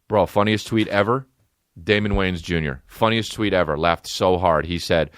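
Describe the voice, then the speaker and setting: A man in his thirties hosting a comedy podcast, ranting loudly and crudely, often jumping up into a high mocking voice. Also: moderate pace, dry recording, clean studio sound. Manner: loud, profane, animated, jumps into high mocking pitch. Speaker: podcast host.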